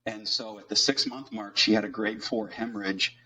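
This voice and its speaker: A middle-aged man telling a personal story as a podcast guest, earnest and halting, with frequent fillers. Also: fairly low pitch, fairly even intonation, pushed and bright, a little hiss or hum.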